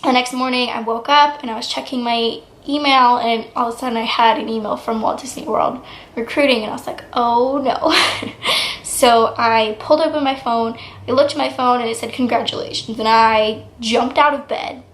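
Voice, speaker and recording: Young woman vlogger, twenties, high-ish voice, excitable chatter, roomy echo. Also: normal speed. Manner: chatty and excitable, many "like" fillers. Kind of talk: casual vlog storytelling. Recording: echoey room.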